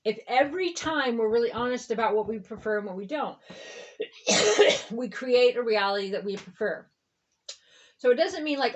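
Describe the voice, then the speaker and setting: Woman reverend, conversational spiritual rambler, keeps checking in with listeners; slightly high voice, dull lo-fi audio. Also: lively intonation, normal speed. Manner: conversational, tags lines with "okay?" and "right?". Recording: dull lo-fi recording.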